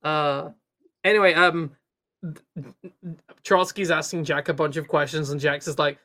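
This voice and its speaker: Woman podcast co-host, casual chat, playful, jokey, bright voice. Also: deep voice, fairly even intonation, measured pace. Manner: playful, jokey, recapping a story.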